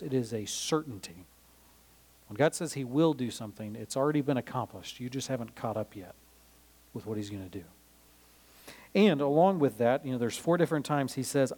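A man teaching through a Bible passage in a relaxed, conversational way, retelling scripture in plain modern words with frequent "um"s. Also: mid-range voice, moderate pace. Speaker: preacher. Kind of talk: sermon-style Bible teaching.

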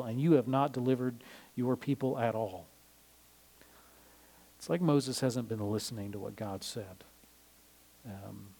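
A man gives a Bible lesson in a sermon style, speaking casually and pausing often with "um"s. His voice sits at a middle pitch. He retells the passage in everyday words. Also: a little mellow. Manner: conversational, many "um" fillers, retells scripture in plain modern words. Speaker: preacher.

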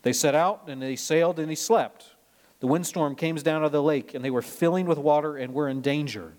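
A man from Nebraska, a pastor preaching a sermon in a conversational way, mixing scripture with personal anecdotes and lively storytelling. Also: fairly high pitch, fairly quick. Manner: lively storytelling, rising when retelling drama.

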